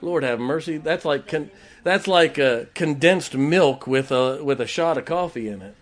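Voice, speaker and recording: A man's voice: fairly high pitch, moderate pace. An older man preaching a sermon, telling folksy stories and laughing as he goes. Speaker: pastor.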